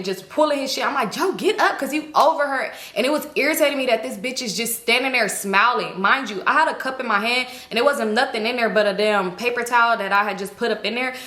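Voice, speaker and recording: A woman telling a personal story in a casual vlog, animated and full of profanity. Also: fairly high pitch. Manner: heavy cursing, animated retelling. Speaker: storytime vlogger. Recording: roomy echo.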